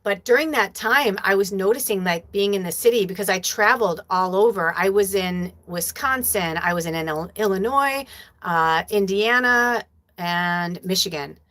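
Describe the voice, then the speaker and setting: A woman's voice: mid-range voice, normal speed, fairly bright tone. A woman in her forties telling a story casually to her viewers, chatty and swearing freely with plenty of fillers. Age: 40s. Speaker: spiritual medium hosting a live stream.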